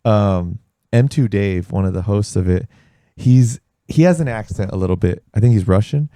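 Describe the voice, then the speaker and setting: A man hosting a podcast, telling stories with lively acted-out quotes and a lot of swearing. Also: lowish voice, moderate pace, no room sound, clean studio sound. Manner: animated storyteller, swears freely, acts out quotes. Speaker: podcast host. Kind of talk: casual podcast chat. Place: podcast studio.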